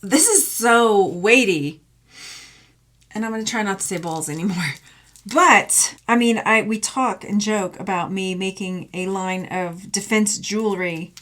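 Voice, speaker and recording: A woman's voice: medium pitch, unhurried, a bit bright. A woman from Texas, a thrift jewelry reseller, chatting playfully through an unboxing vlog with jokey asides and silly sound effects.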